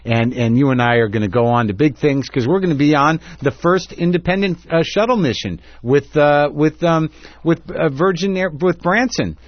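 A man's voice: a little high, normal speed, dry recording, lo-fi sound. A man hosting a radio talk show, rambling in a sarcastic, casual way with lots of restarts.

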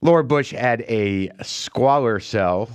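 A man hosts a radio show in a loose comic monologue. He rambles wryly and acts out the people he quotes. His voice sits at an ordinary pitch, recorded dry and close in the studio. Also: slow, smooth, no echo.

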